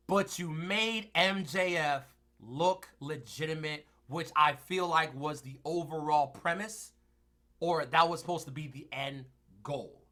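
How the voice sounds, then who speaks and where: A man co-hosting a podcast, recapping in casual chat and swinging between loud excited bursts and low mumbles, winded from talking. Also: a little slow. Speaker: podcast co-host.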